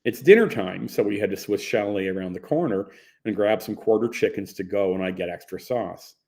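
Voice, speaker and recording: A man reading a first-person story aloud in a relaxed storytelling way. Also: lowish voice, brisk. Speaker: narrator. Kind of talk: first-person audiobook narration.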